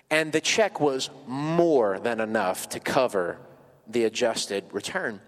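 A man in his thirties preaching a sermon in a church sanctuary, telling a personal story in a chatty way with lots of fillers, his voice climbing high when he gets emotional. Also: animated, slow pace, in a large hall. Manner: conversational, many fillers, rises high and emotional at peaks. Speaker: pastor.

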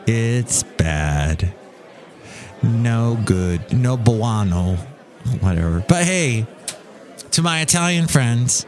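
A man's voice: fairly low pitch, darkish tone. A man hosting a podcast, telling a long story in a casual, rambling, joking way with a sing-song delivery. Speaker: podcast host. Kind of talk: casual monologue.

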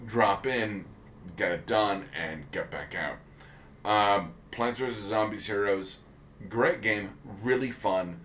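Man, casual podcast chat, rambling, lots of ums, slow talker, lowish voice. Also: fairly bright tone, slight background noise. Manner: rambling, many ums and restarts. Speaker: podcast co-host.

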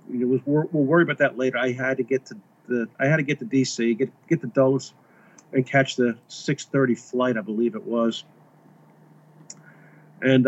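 Man telling mission stories, lo-fi. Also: medium pitch. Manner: rambling, animated when retelling. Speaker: guest, missionary author. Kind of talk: casual storytelling interview. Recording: slightly dull lo-fi audio.

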